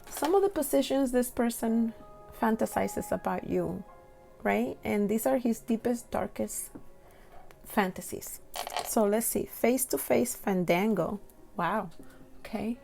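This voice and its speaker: A young woman gives a casual tarot reading to camera, speaking English with a non-native accent. She talks slowly with a gravelly, mellow tone and giggles easily. She reads the card text with careful deliberation. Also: mid-range voice.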